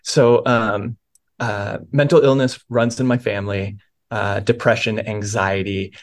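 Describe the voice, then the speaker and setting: A man's voice: fairly low pitch, steady tone, unhurried. A man, a pastor and author, earnestly telling a personal story of faith in a podcast interview, with many restarts.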